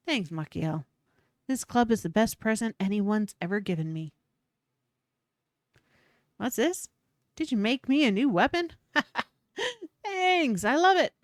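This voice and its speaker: A woman voicing an earnest young male hero thanking a friend warmly. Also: on the high side, no room sound, studio quality.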